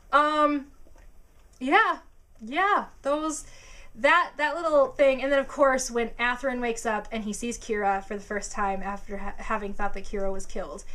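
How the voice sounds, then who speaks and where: Young female vlogger, excitable and fangirly, bright tone, casual to-camera chat. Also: on the high side. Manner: excitable, gushing, squeals and filler words.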